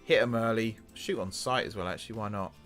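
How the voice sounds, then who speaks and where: A man with a lowish, fairly quick voice runs a gaming channel and casually narrates a football management game. Excitable, he urges his players forward, faint music running behind him.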